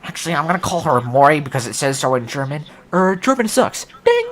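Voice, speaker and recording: A woman's voice: low voice, lively intonation, quick pace. A woman hosting a livestream, chatting casually and rambling with many "like" fillers. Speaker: livestream host. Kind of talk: casual stream chat.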